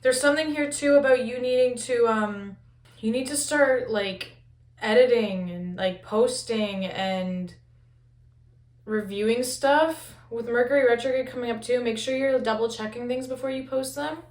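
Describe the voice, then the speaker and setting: A young woman giving a casual pick-a-card tarot reading, talking fast and loose with lots of "like" and casual swearing. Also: on the high side, darkish tone. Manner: chatty, frequent "like", swears casually. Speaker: tarot reader. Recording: echoey room.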